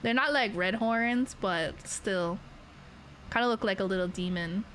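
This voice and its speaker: A woman's voice: mid-range voice, measured pace, a bit bright, a little hiss or hum. A young Canadian woman with a Canadian accent, chatting casually and rambling with her stream viewers, giggling often.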